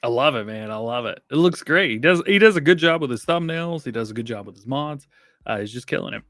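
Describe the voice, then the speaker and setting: A man's voice: medium pitch, animated, fast talker, a bit bright, dry recording, clean studio sound. A man co-hosting a casual gaming podcast, chatty and rambling, laughing often. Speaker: podcast co-host.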